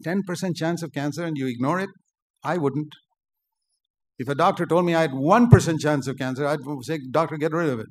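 An older man preaching a sermon, forceful and emphatic, rising to loud outbursts. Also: fairly high pitch, a little fast.

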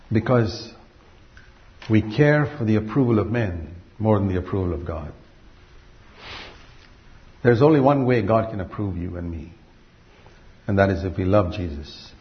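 A man preaching a sermon earnestly, asking rhetorical questions and slowing down to stress key phrases. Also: lowish voice, highs cut off.

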